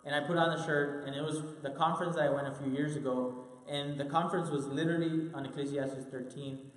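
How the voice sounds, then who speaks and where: A man's voice: fairly high pitch, steady tone, a little fast. Man preaching in an echoey hall. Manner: earnest, repeats key lines for emphasis. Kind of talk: sermon-style Bible teaching. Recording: roomy with long hall reverb.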